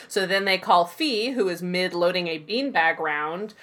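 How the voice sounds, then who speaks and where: Lively woman recapping a show. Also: lowish voice. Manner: animated storytelling with quick put-on quotes. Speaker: podcast co-host. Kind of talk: casual recap chat.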